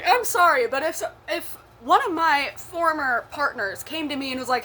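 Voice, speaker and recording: Young woman, high-ish voice, blunt cussing storyteller who laughs as she goes; casual vlog delivery. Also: lively intonation, normal speed, hardly any pauses, bright, forceful tone, slight background noise. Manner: blunt and profane, with laughing asides. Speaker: vlogger telling a personal story.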